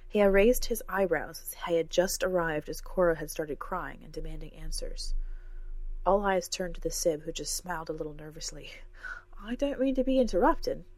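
A woman's voice: deep voice, fairly even intonation, normal speed, no room sound. A woman reading a fantasy story aloud as scripted narration, raising her voice for the characters' lines. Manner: reads every character herself, lifting her voice for dialogue.

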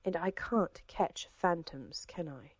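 A woman voicing a commanding female assassin who speaks slowly and evenly, with a sweet menace. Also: on the low side, no room sound, clean studio sound. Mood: cool. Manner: slow, even and sweetly menacing.

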